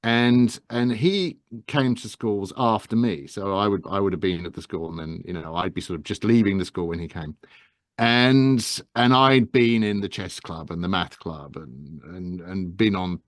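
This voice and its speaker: A soft-spoken English man in his fifties whose Estuary accent has been smoothed by actor training. He speaks modestly and hesitantly, restarting his phrases, a little low in pitch and recorded close and dry. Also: moderate pace, dry recording. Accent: softened Estuary English. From England, Medway Towns south of London. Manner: gentle, self-effacing, many fillers and restarts. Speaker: guest, actor and narrator. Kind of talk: casual interview talk.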